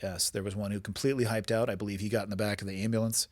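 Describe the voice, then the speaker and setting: A man's voice: fairly low pitch, flat delivery, very fast, dry recording, studio quality. A man in his forties hosting a podcast, talking bluntly and wryly with plenty of profanity in casual chat. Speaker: podcast host.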